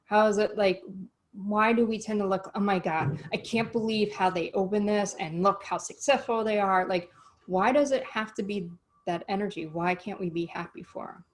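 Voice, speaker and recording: A woman's voice: medium pitch, moderate pace, a little hiss or hum. A woman hosting a podcast in casual chat, earnest and rambling, easily moved. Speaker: podcast host.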